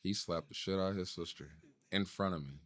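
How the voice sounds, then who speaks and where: Guy in his 30s on a podcast, cussing through a story about his kids, voice gets higher when he's fired up. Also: fairly even intonation, fairly quick, dry recording. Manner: storytelling, swearing freely, voice rising as he gets worked up. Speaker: podcast co-host. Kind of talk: casual chat.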